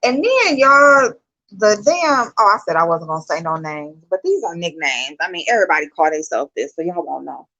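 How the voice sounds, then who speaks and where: A woman's voice: fairly low pitch, moderate pace. Chatty swearing woman, dull lo-fi sound. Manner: loud and expressive, laughs a lot, swears casually. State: yawning, tired. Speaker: vlogger. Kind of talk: casual chat to viewers.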